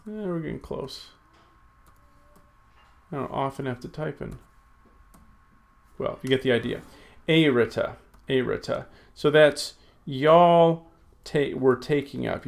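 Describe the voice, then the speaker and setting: A man's voice: medium pitch, vocal fry. A man teaching a recorded lesson, thinking aloud as he types and correcting himself with many fillers. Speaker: Greek teacher. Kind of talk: recorded lesson, working through exercises.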